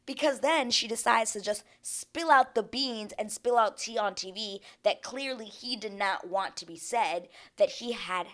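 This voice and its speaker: A woman's voice: medium pitch, normal speed, few pauses. A woman hosting a reality TV recap in casual commentary, ranting with exasperation and swearing freely.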